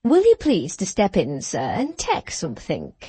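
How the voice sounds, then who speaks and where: A woman's voice: medium pitch, huge pitch swings, normal speed, mellow, breathy edge, dry recording, exaggerated voice. A woman voicing a pompous, chatty male village innkeeper with a treble, wheezy voice and a mincing accent, reading a classic novel aloud. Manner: deferential, chatty, says "sir" often.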